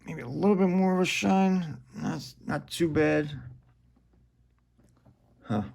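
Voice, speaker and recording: A man's voice: a little high, slow pace, gravelly, a little mellow, slight background noise. A man in his forties chatting casually while opening trading card packs, rambling and profane, chuckling often.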